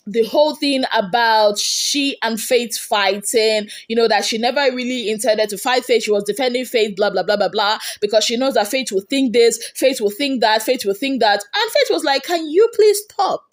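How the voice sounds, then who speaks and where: High-voiced Nigerian woman spilling gossip. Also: normal speed. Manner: animated, chatty, full of rhetorical questions. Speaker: entertainment gossip vlogger. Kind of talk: casual gossip recap.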